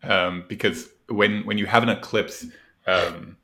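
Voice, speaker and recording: Low-voiced man explaining science casually. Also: steady tone, unhurried, pushed and bright. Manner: explanatory, thoughtful, hesitant fillers. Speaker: podcast co-host. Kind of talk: casual podcast chat.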